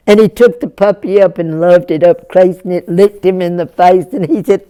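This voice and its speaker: A woman's voice: lowish voice, steady tone, moderate pace, few pauses, warm tone. Folksy woman telling a tall tale. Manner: folksy, chuckling, speaks to listeners directly. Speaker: folk storyteller. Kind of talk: telling a Jack tale to children.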